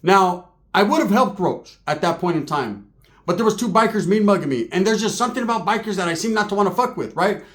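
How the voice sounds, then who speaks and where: A man's voice: high voice, animated, quick pace. A man casually telling profane stories about prison and gang life in street slang, often tagging his lines with "right?".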